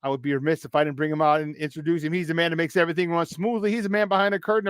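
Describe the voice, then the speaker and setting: A high-pitched man hosts a morning sports talk show, full of hype and playful energy. His voice is dry and close, with no room sound around it. He talks loud and plays around with the audience. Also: fairly even intonation, racing, smooth, no echo.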